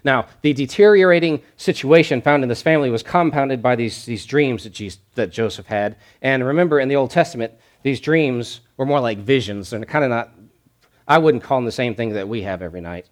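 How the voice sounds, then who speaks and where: A man preaching a sermon at a middle pitch. He hammers his points home by repeating the same phrase again and again. When he reads scripture aloud, his delivery lifts with mounting energy. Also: brisk. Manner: emphatic, repeats key phrases for stress. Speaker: pastor.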